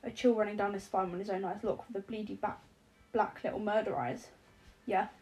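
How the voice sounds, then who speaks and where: Woman reading an audiobook, warm and mellow. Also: mid-range voice, steady tone, brisk, poor audio. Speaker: audiobook narrator. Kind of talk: scripted narration.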